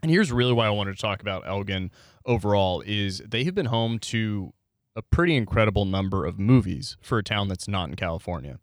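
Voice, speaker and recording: A man trades deadpan, self-mocking jokes as a podcast co-host. His voice sits on the low side, and the recording is close and dry. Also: fairly quick, no echo. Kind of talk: casual comedic podcast banter. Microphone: close mic.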